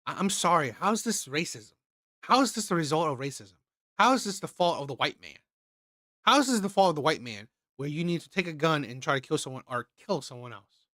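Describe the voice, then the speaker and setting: A man's voice: a little high, expressive, a little fast, pushed and bright, dry recording, clean studio sound. A man hosting a reaction channel, commenting on a clip with indignant rhetorical questions.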